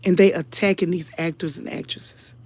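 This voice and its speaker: A woman's voice: lowish voice, fairly even intonation, moderate pace, a little mellow. A woman commentator talking casually to her viewers, earnest and emotional, preaching a little and calling them y'all again and again. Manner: earnest, preachy, keeps addressing the audience as y'all. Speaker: online commentator.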